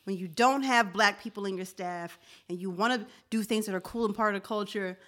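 A woman's voice: mid-range voice, a little fast, fairly bright tone. A woman co-hosting a podcast in emphatic, laughing casual chat. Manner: emphatic, laughing, reads aloud. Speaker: podcast co-host.

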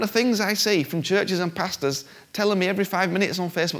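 A man preaching a sermon in a conversational, animated way, acting out voices with big jumps in pitch. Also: quick pace, hardly any pauses.

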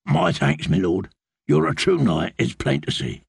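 A man's voice: mid-range voice, very animated, unhurried, creaky, slightly rough, no room sound, clean studio sound, heavily acted. A man voicing a humble older male farmer in a storybook reading, meek and deferential. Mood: grateful.

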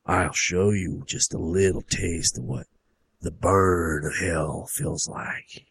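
A man voicing a zealous, menacing old hillbilly father who preaches slowly and drags out his words. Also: deep voice, steady tone, fairly bright tone, slight background noise, pitched below the performer's own voice, full character voice. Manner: slow, drawn-out preaching.

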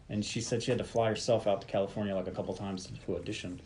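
A man hosting a casual film podcast, telling behind-the-scenes stories in a relaxed, rambling way. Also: lowish voice, fast, few pauses, slight background noise. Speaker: podcast host. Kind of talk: casual chat about a film.

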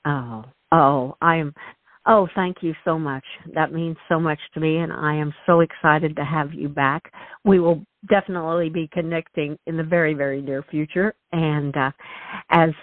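A woman's voice: low-pitched, steady tone, normal speed, no echo. Gushy lady host on a call, tinny phone sound, dry. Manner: effusive, emotional, many restarts. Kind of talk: podcast interview.

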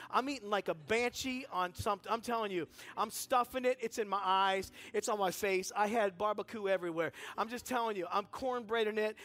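A man with a notably high-pitched voice preaches from a church stage. He tells his story in an energetic, chatty way, slipping into the voices of the people he describes. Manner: energetic and conversational, acts out dialogue in the story. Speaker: guest speaker at a church service. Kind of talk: animated sermon storytelling. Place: church sanctuary.

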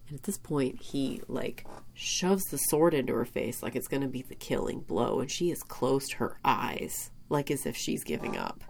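A woman's voice: very deep voice, very animated, moderate pace, vocal fry, hardly any pauses, slight background noise. A woman casually recapping a TV episode, rambling and enthusiastic, full of fillers. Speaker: podcast host recapping an episode.

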